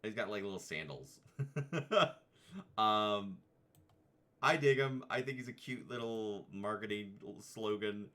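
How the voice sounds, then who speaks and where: A man's voice: on the low side, expressive, a little slow, sharp tone. A man hosting a casual tier-list video, rambling and chatty with playful asides. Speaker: vtuber host.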